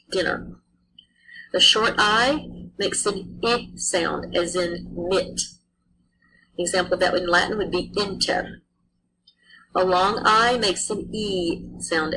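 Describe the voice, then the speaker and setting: A woman's voice: fairly low pitch, slow, background noise. A woman teaching a pronunciation lesson, carefully sounding out letters and example words.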